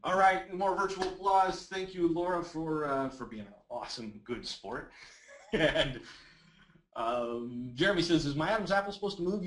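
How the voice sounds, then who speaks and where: A man presenting a live webinar, teaching voice exercises with energetic, encouraging talk and reading out audience comments. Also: a little high. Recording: roomy echoey webinar audio.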